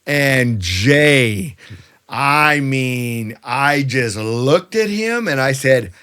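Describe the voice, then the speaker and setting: A man's voice: medium pitch, lively intonation, slow pace, sharp tone. A middle-aged man, a realtor guest, telling stories emphatically in a casual interview and often calling the host by name.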